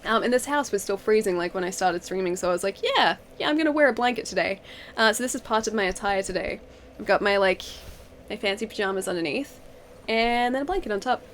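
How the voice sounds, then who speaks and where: A woman's voice: mid-range voice, fast talker, a little hiss or hum. A woman chatting casually while streaming a game, giggling often and rambling from one thought to the next. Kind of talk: casual live-stream chat. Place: home, wrapped in a blanket.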